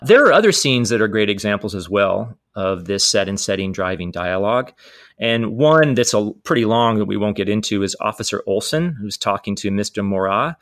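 A man co-hosting a writing podcast, analyzing film dialogue in a measured way. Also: fairly low pitch, lively intonation, a bit bright, no echo, clean studio sound. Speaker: podcast co-host. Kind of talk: analytical discussion.

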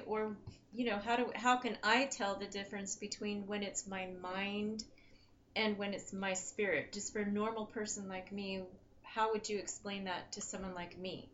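A woman's voice: medium pitch, little pitch movement, normal speed, a bit bright. A woman co-hosting a podcast in casual chat, curious and laughing, asking plain questions. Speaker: podcast co-host. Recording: dull lo-fi audio with faint noise.

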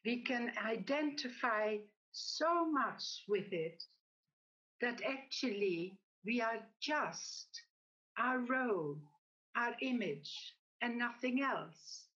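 Woman giving a calm reflective talk, real slow, kinda muffled audio. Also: fairly high pitch. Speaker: speaker. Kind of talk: reflective talk with a told joke.

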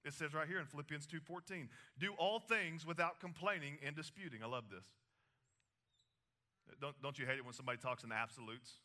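Bright-voiced preacher. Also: male voice, a little high, fairly quick. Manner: animated preaching with asides and laughs. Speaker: pastor. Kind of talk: sermon.

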